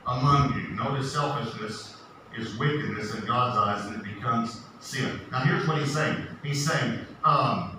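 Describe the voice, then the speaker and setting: A man preaching a sermon, emphatic, repeating key phrases and asking the audience questions. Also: mid-range voice. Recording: echoey distant noisy room recording.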